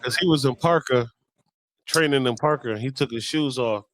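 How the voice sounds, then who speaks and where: A man hosting a casual chat, animated and cursing as he fires off quick questions. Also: medium pitch, poor audio. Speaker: host.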